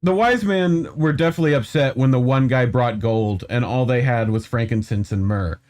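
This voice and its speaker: A man's voice: mid-range voice, moderate pace, a little mellow. Rambling, swearing man hosting. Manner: rambling, heavy swearing, lots of "like, you know". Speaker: podcast host. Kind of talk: casual chat.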